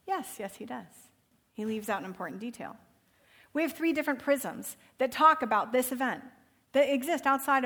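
Woman Bible teacher, fairly high-pitched, animated storyteller, mixes dramatic scripture reading with offhand remarks.

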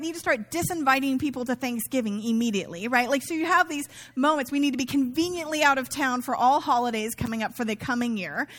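High-voiced woman pastor preaching casually. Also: a bit bright. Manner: conversational, self-mocking preaching with quoted asides. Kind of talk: sermon.

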